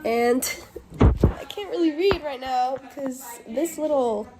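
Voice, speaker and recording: A teenage girl filming a casual book vlog on her phone, candid and dramatic, swinging between whispers and loud complaints. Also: high voice, slow, soft background music, rough recording. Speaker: book vlogger. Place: bathroom.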